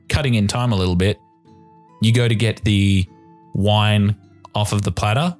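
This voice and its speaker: A man running a tabletop game as game master, describing scenes in a relaxed way with casual fillers. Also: on the low side.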